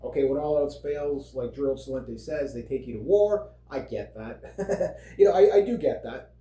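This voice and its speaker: Warm in tone and mid-range, a Canadian man's voice moves at normal speed as he rambles through a casual political rant on his vlog. He swears, leans heavily on fillers, and laughs often, all in a roomy, echoey recording.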